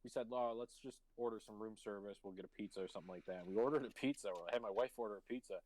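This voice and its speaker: A man's voice: lowish voice, racing, darkish tone, rough recording. A man hosting a live stream and telling casual stories, swearing freely and laughing mid-sentence. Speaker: stream host. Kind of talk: casual chat, telling anecdotes.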